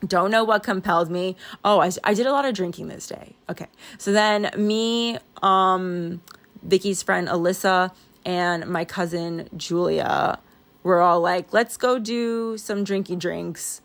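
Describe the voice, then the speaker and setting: A woman's voice: lowish voice, a little slow. Chatty young woman with a wheezy laugh. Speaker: planner vlogger. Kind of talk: casual voice-over while planning.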